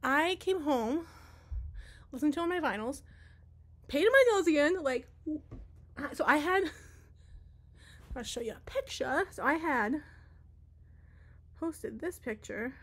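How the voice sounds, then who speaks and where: Giggly young woman vlogger, high voice, rambly and a bit out of breath. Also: expressive, slow pace, long pauses. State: out of breath from dancing. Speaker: vlogger and teacher. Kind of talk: casual chat.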